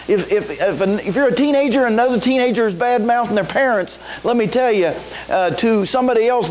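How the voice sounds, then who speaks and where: A man's voice: sits high, a little mellow, poor audio. A man preaching a sermon to a congregation, often asking "is that right?" and waiting for a response. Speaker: pastor. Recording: faint hiss.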